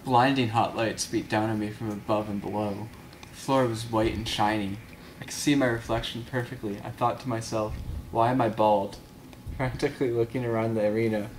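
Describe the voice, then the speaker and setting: A male student presenter reading a humorous story aloud, slipping into voices for quoted lines. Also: lowish voice. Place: classroom. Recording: echoey classroom with loud noise.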